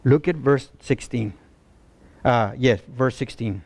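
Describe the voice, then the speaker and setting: A man preaching a sermon, animated and pleading, often asking his listeners if they see his point. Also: medium pitch, slow, no room sound. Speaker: pastor.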